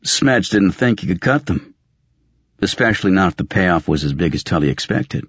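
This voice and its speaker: Male audiobook narrator: deep, husky, slow and steady; dry, slightly dull recording. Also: no echo. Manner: steady, measured storytelling. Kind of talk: scripted fiction narration.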